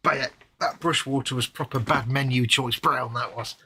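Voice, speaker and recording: A British man co-hosting a casual live stream, telling stories in a relaxed, amused way. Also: mid-range voice, normal speed, slightly rough. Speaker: livestream co-host.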